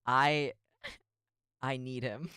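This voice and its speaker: A man's voice: medium pitch, steady tone, extremely slow, bright, forceful tone, clean tone. A man streaming as a VTuber in casual chat, rambling and giggly with self-deprecating asides.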